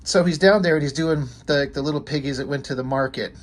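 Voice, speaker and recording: A man's voice: a little high, fast, slight background noise. Man, casual video commentary, comic book reviewer, rambling, enthusiastic, offhand.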